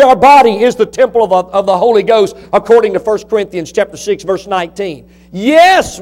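A man's voice: high-pitched, a little mellow. A male pastor preaching a sermon in a church, building to emphatic bursts and asking rhetorical questions.

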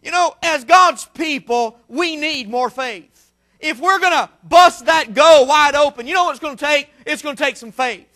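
A man preaching a sermon in a strikingly high voice with a bright, forceful edge. He hammers repeated phrases and climbs into shouts. He speaks as a missionary pleading with his church. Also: moderate pace. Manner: impassioned, repetitive preaching cadence with shouted peaks.

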